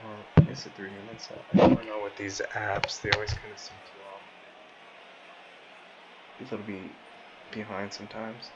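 Laid-back guy talking over his vr boxing game, kinda low voice, chill and rambly. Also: little pitch movement, moderate pace, long pauses, lo-fi sound, noisy background. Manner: chatty, easygoing, lots of fillers. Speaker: gaming vlogger. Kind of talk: casual commentary over VR boxing.

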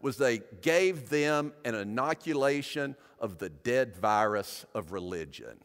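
A man preaching a sermon as pastor, emphatic, building up and dropping back in loudness. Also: mid-range voice, animated, measured pace. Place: church sanctuary. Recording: long church-hall reverb.

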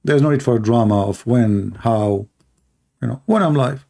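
A man's voice: mid-range voice, normal speed, vocal fry, dark tone. A man hosting a live call-in stream, mocking and repeating his phrases as he talks to callers and the audience.

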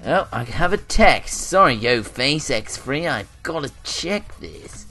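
Excitable young man commentating a game. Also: mid-range voice, takes it slowly, hardly any pauses, soft background music. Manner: excitable, swings between loud outbursts and muttering asides. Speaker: gaming channel host. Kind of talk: live gameplay commentary.

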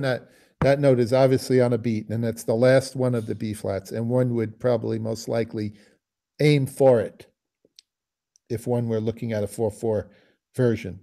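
A man's voice: fairly low pitch, steady tone, moderate pace. A man teaching a music masterclass, musing aloud and singing phrases to explain them. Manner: musing, sings phrases, trails off quietly. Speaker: bassoon teacher giving a masterclass.

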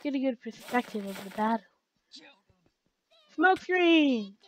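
Excitable high-voiced woman gaming. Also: slow. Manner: chatty, excitable, talks to the game. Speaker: let's play gamer. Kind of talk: casual game commentary.

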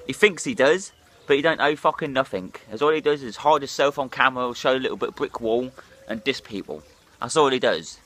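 A man's voice: medium pitch, a little fast, hardly any pauses, fairly bright tone. Hungover man ranting sharply. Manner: swearing, blunt, rambling. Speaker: drinking vlogger. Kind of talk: ranting vlog monologue.

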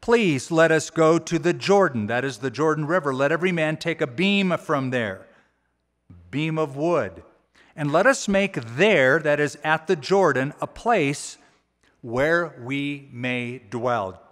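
A man preaching a sermon as a pastor, with a conversational, folksy way of retelling the text and animated quoted voices. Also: a little high, takes it slowly. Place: church auditorium. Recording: church hall with long reverb.

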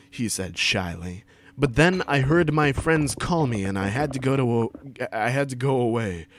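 A man performs a fan fiction reading for friends over a voice call on a desk mic, hamming it up with stumbles and swearing for laughs. He speaks at medium pitch and a measured pace with big pitch swings, and there's no room sound.

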